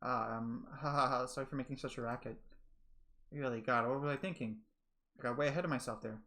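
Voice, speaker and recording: A man's voice: mid-range voice, a little fast, pushed and bright. A man voicing a flustered, earnest young woman who stammers out a love confession. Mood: hurt. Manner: breathless, stammering, insistent.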